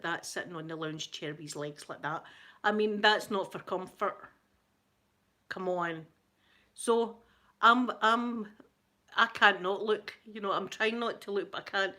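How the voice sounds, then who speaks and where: A middle-aged Scottish woman hosts an ASMR livestream, chatting casually with her live viewers and greeting them in the chat. Her mid-range voice sounds pushed and bright, and she sits close to the mic. She's a chatty, gossipy, giggly storyteller who laughs often.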